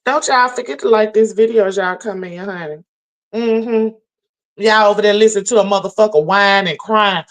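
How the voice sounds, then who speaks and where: A woman's voice: mid-range voice, moderate pace, fairly bright tone, rough recording. A woman hosting a live stream, ranting in a brash, profane, mocking way as she calls people out. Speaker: livestream host.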